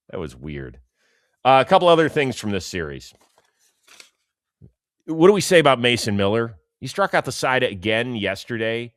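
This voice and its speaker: A man co-hosting a casual sports talk show, animated and sarcastic, often dropping into mocking quotes. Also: mid-range voice, moderate pace, pauses often, no echo, studio quality. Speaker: co-host.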